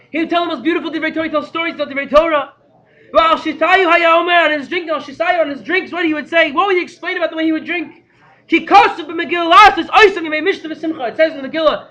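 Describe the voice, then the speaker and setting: An excitable man teaches a storytelling Torah class in a high, bright voice that keeps breaking into shouts. He talks fast and sprinkles in Hebrew and Yiddish terms. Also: dull audio.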